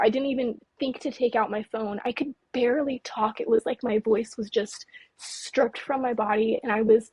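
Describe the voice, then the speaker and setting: A young woman from California, nervous and shaky, tells her story in a breathy, slightly high voice, tripping over words and restarting sentences. Her voice trembles with fear. The sound is dry and close. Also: steady tone, moderate pace, a little mellow, no room sound, poor audio. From California, Mojave Desert. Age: late 20s. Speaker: guest, UFO researcher. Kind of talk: interview, recounting an experience.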